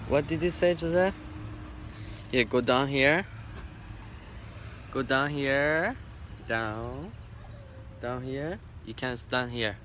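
A man's voice: medium pitch, a bit bright, slight background noise. A man talking fondly to his pet bird outdoors at a farm, coaxing and repeating words to it. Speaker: pet owner filming his cockatoo. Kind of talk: casual talk to a pet.

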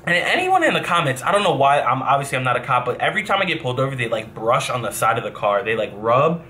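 A young man from New Jersey tells a long story in a casual vlog, rambling, backtracking and cursing as he goes. His voice is bright and forceful at an ordinary pitch. A faint hiss of noise sits under the recording. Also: fast talker. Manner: rambling, animated, swears and backtracks often. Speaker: vlogger, professional gamer.

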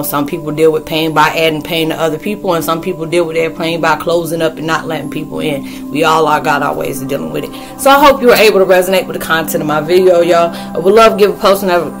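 Woman vlogger, slangy, animated, casual, soft music behind. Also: low voice. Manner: loose, animated, slangy, acts out quoted friends. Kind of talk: casual spoken vlog, talking to viewers.

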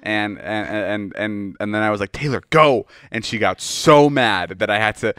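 Bright-voiced man teasing on a podcast. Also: on the low side, clear, resonant tone, no room sound, clean studio sound. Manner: teasing, quick reactions, crude banter. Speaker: podcast co-host. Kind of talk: casual chat.

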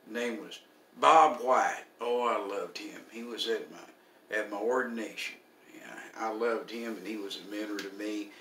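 Older folksy preacher, bright and roomy. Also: male voice, lowish voice, unhurried, far from the mic, a little hiss or hum. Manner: folksy, homespun humor. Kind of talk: sermon.

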